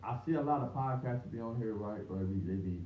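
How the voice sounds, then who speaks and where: A man's voice: mid-range voice, fast, warm tone. Man, rambling slangy livestream talk, distant echoey room, dull muffled mic. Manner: slangy, rambling, repeats words and restarts often. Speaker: livestream host. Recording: distant roomy, dull lo-fi mic with faint hiss.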